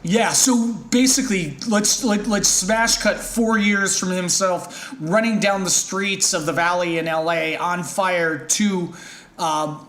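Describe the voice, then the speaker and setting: A man's voice: high voice, steady tone, takes it slowly, a bit bright, reverberant. A man hosting a comedy podcast in a loose, hesitant, joking way. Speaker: podcast host. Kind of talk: casual chat.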